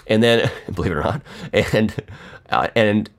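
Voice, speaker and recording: Low-voiced man telling profane stories. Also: unhurried. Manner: profane, joking storyteller. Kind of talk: casual rambling monologue.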